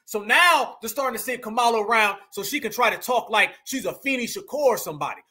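Male commentary host, very high and bright tone, animated scolding delivery, heavy slang. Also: quick pace. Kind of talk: reaction commentary on clips.

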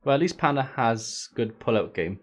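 A man's voice: mid-range voice, lively intonation, normal speed. A man hosts a casual gaming stream with a mid-range voice. He jokes, swears freely and keeps up chatty asides to his viewers. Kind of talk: casual live stream chat.

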